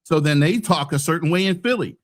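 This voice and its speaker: A man's voice: on the high side, animated, a little fast. A man from the United States, hosting a podcast, arguing bluntly with frequent profanity in a heated debate. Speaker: podcast host.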